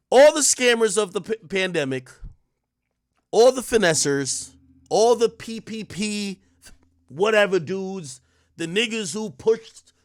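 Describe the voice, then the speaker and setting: A streamer host in his thirties tells a story in casual, profane street slang, swinging between loud bursts and muttered asides. His voice is high, and the studio-quality recording has no echo.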